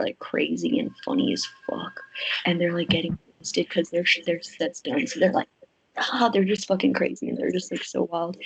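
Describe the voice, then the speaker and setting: A young woman on a casual podcast, her voice sitting a little low. She rambles through the story, packing it with fillers and swearing, and her excitement builds as she goes. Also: slightly rough, low-quality recording. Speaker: podcast guest. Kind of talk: casual chat.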